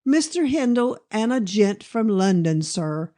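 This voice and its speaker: A woman's voice: mid-range voice, very animated, unhurried, mellow. A woman reading aloud and voicing a chattering, scruffy older village housekeeper in a fussing, voluble manner. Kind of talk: audiobook character voice.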